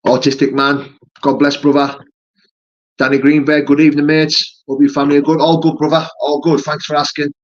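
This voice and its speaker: A man's voice: a little high, little pitch movement, brisk, lo-fi sound. A man, a fighter chatting casually on his live stream and answering viewer comments, full of "mate" and "you know". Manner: matey, peppers talk with "mate" and "you know".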